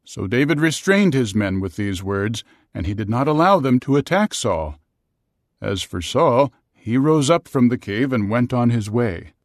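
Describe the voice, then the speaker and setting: A man narrates scripture in a measured, storytelling manner. His pitch moves in a lively way from phrase to phrase, and the recording is dry and close. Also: dry recording.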